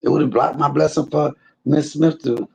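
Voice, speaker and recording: A man's voice: fairly high pitch, fairly even intonation, normal speed, creaky, breathy edge, muffled recording. A man streaming live to his viewers, telling a story in an emphatic, preachy way, full of religious exclamations. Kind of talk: casual spoken testimony to a live chat.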